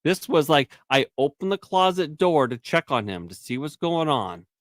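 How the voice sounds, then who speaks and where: A man co-hosting a casual news podcast, telling animated stories and swearing freely. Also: fairly high pitch, moderate pace, dry recording. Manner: animated storyteller, acts out voices, swears. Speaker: podcast co-host. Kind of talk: casual banter about news.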